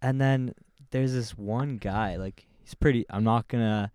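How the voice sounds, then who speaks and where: A man's voice: medium pitch, measured pace, a little mellow, clear, resonant tone, no room sound, clean studio sound. A young man co-hosting a podcast, telling a sweary, laughing story in casual chat. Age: young adult. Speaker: podcast co-host.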